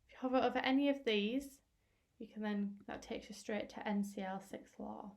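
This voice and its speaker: A young woman teacher talking through a screen-recorded tutorial in a chatty, explanatory way with fillers, her voice going hoarse. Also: medium pitch, normal speed, darkish tone. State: losing her voice.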